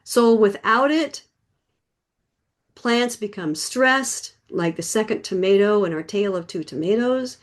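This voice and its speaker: A woman's voice: medium pitch, animated, a little slow. A middle-aged woman teaching an online gardening class, explaining in a chatty, folksy way with homely comparisons.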